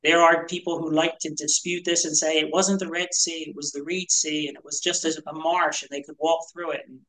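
A man's voice: on the high side, flat delivery, brisk, sharp tone, low-quality recording. A man teaching a Bible study to a small group in a conversational, explanatory way, asking rhetorical questions.

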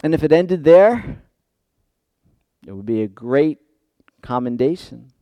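A male pastor preaching a sermon in church, swinging from hushed asides to loud emphatic peaks. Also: on the high side, lively intonation, slow, no room sound.

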